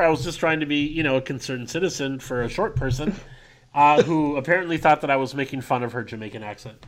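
A man co-hosting a casual podcast, telling a story in an animated way. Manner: animated storytelling, quick pitch jumps. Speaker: podcast co-host.

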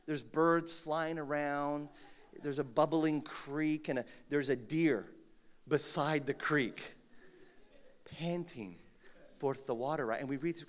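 A man preaching a sermon with humor, swinging from quiet asides to shouted, dramatic prayers. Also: a little high, normal speed.

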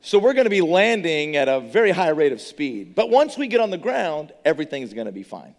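A man voicing a calm, steady male airline pilot making a reassuring formal announcement. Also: fairly high pitch, brisk, pitched above the performer's own voice. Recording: long reverb of a large hall.

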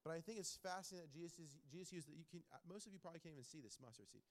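Man pastor, earnest bible teaching, fairly high voice, repeats for emphasis. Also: racing. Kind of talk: teaching a bible study with questions.

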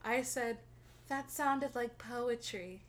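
A young woman casually telling a friend a story, animated, swearing freely and laughing as she talks. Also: on the high side, drawn-out words. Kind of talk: casual chat.

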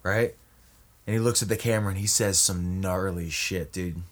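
Excitable swearing man pitching wild ideas. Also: normal speed. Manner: excitable, swearing, keeps asking "right?". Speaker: comedian pitching movie ideas. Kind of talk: comedic banter.

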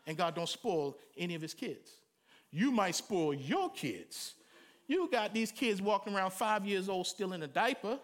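High bright-voiced preacher guy, swoops all over, jokey sermon. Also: normal speed. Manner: animated, humorous, conversational preaching with sudden loud cries.

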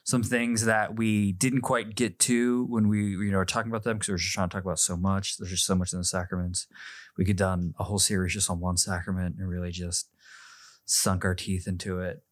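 A man's voice: deep voice, flat delivery, brisk, no room sound, studio quality. A man hosting a casual podcast chat, playful and fond of wordplay. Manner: playful, wordplay and food banter. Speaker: podcast host.

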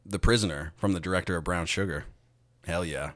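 A young man talks in a very low, deep register, hosting a casual podcast chat. He recaps a show loosely, swearing often and quoting characters. The sound is dry and close. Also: a little fast, a bit bright, no echo. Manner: profane, rambling recap with quoted impressions. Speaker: podcast host.

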